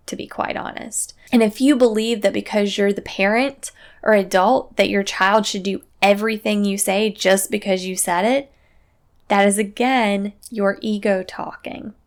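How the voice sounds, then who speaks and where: A woman hosting a parenting podcast, giving calm, matter-of-fact advice in a scripted solo talk. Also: mid-range voice.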